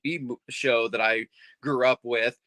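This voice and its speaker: A middle-aged man chatting casually as a comics fan, rambling and excited, with lots of restarts. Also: medium pitch, normal speed, no echo. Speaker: comics fan on a panel show. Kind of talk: casual chat.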